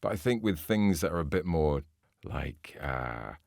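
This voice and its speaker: A man co-hosting a podcast, explaining a book in a dry, deadpan, teasing way. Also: a bass voice, unhurried, gravelly, no room sound. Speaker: podcast co-host reviewing a book. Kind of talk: casual chat.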